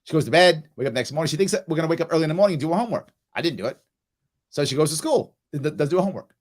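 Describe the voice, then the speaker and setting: Animated storytelling man, lively pitch. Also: very fast. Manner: animated storyteller, acts out quoted lines loudly. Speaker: host. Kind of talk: casual chat.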